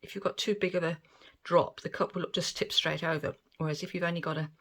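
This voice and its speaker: A middle-aged woman chatting casually about her crafting, self-deprecating and quick to giggle. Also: low-pitched, fairly even intonation, a bit bright. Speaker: resin art vlogger. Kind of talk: casual chat while crafting.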